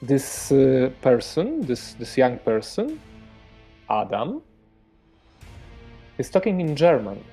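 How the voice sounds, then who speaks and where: Slow, halting game master with a Polish accent. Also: male voice, mid-range voice, big pitch swings, vocal fry, warm tone, husky, faint music behind. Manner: hesitant, many fillers, searching for words. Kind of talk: narrating a tabletop horror game.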